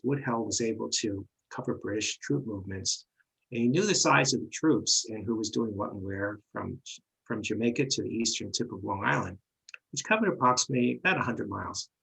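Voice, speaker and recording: A man's voice: medium pitch, creaky, fairly bright tone, slightly rough, rough recording. A man with a New York accent, co-hosting a livestream and reading history aloud with hesitant fillers. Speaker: co-host.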